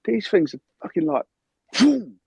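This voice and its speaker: A man's voice: medium pitch, a little fast, a crowd in the background. A man, telling a story in casual chat over a call from outside in his garden, swearing a lot. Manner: animated storytelling with heavy swearing. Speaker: footballer calling in. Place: outdoors in a garden.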